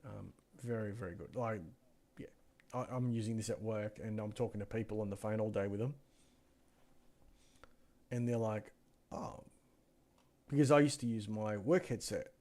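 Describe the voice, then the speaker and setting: A man's voice: on the low side, moderate pace, pauses often, darkish tone. A man co-hosting a PC deals show, chatting loosely through anecdotes and muttering to himself as he browses. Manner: chatty, loose, trails off mid-sentence, mutters while browsing. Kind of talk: casual rambling chat with anecdotes. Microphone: gaming headset mic.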